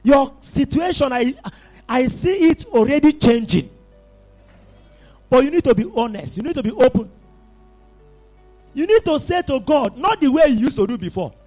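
A man preaching with a high, animated voice that swings widely in pitch. He delivers an impassioned sermon, calling out to his congregation as faint music plays behind him. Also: moderate pace, long pauses.

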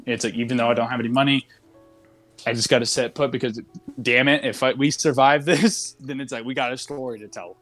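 A young man of average pitch chats candidly as a podcast host, seated at his desk at home. He rambles, piling up fillers and cutting himself off mid-thought. The talk stays loose and open. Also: steady tone, brisk, a bit bright, faint music behind. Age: young adult. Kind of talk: casual chat.

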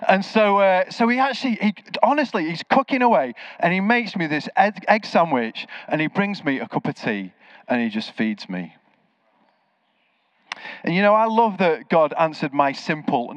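A man whose voice is fairly high preaches at normal speed, recorded dry with no room sound and a slightly dull quality. His sermon weaves in stories, and he performs the voices of the people in them with animation.

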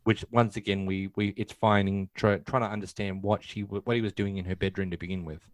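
Male podcast co-host, low register, dry close sound, chatty retelling with fillers. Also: level tone, fairly quick, dry recording. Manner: retells scenes, acting out lines, many fillers. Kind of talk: casual film discussion.

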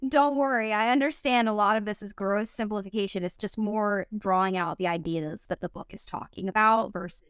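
A woman hosting a casual podcast chat, talking loosely with lots of "like" fillers and quick disclaimers. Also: mid-range voice, fairly bright tone, clean tone, no room sound. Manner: chatty, many "like" fillers, quick asides and self-disclaimers. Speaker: podcast host.

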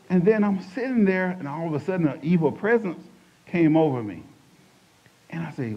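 A man preaching a testimony as a lively storyteller who acts out the voices in his tale. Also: a little high, moderate pace, lo-fi sound. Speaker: church speaker giving testimony.

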